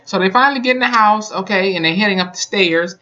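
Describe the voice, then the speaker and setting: A YouTuber recaps and reviews a TV episode casually and colloquially, telling the story with lots of emphasis. The voice is medium-pitched, quick, bright and forceful. It's recorded on a camera mic with the highs cut off.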